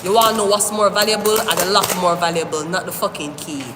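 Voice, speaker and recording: A woman giving a live-stream tarot reading, talking straight to the viewer in an animated, rambling way, often cursing. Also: lowish voice, fast. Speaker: tarot reader. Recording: echoey room with long reverb, faint hiss.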